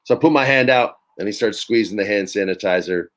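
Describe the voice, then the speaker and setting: A man as an interview guest, telling lively, frank anecdotes in a casual, profane way. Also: lowish voice, fast talker.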